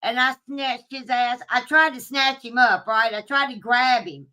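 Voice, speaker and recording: A woman telling a story to her viewers in a casual, animated way, swearing freely and laughing at herself. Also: fairly high pitch, normal speed. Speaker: streamer talking to live chat.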